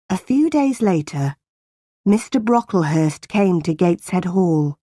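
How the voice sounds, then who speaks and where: A woman narrating a graded-reader storybook in a clear, deliberate way. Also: on the low side, animated, warm tone, no room sound, clean studio sound.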